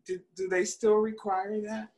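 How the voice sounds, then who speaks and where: An older woman in her seventies recalls her college years in an oral history interview. She speaks very slowly and pauses to search for details, often trailing off. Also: mid-range voice, level tone, darkish tone, poor audio. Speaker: alumna interviewee.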